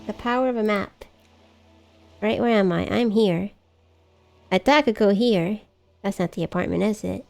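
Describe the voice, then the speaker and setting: A woman's voice: mid-range voice, moderate pace, vocal fry, pauses often, a little mellow. A woman streaming a video game live, chatting casually and mocking herself as she gets lost. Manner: chatty, self-mocking, exclamatory. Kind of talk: casual live gameplay chat.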